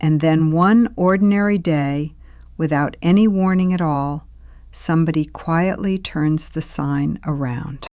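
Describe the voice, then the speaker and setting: An older woman narrates her own memories in an unhurried, reflective way, her voice sitting low and sometimes sinking to a near whisper. The sound is dry and close, with no room around it. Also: a little mellow, dry recording. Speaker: storyteller. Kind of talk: scripted first-person narration.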